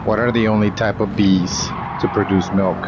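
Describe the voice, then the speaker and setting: A man's voice: fairly low pitch, steady tone, normal speed, heavy background noise. A man in his thirties giving casual, joking commentary while playing a racing game and chatting to viewers. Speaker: gaming streamer. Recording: game music behind.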